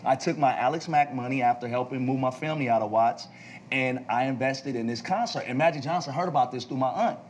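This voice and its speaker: Man, 40s, talk-show guest, lively storyteller who does the voices in his anecdotes. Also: mid-range voice, quick pace, a little hiss or hum, low-quality recording. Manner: animated storyteller acting out dialogue. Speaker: actor and entrepreneur.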